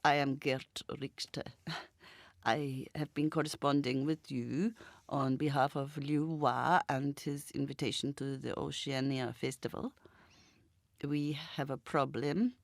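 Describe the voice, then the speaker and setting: A woman reading aloud, voicing a formal, measured German man with a German accent who speaks politely and carefully. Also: a bass voice, fairly even intonation, vocal fry, no room sound, pitched below the performer's own voice, full character voice.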